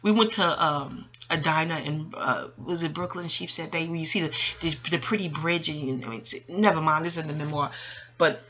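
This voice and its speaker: A woman's voice: sits low, normal speed, fairly bright tone. A middle-aged woman from Harlem, talking in a rambling, profane monologue, digressing and laughing often. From New York, Harlem. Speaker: astrologer and host.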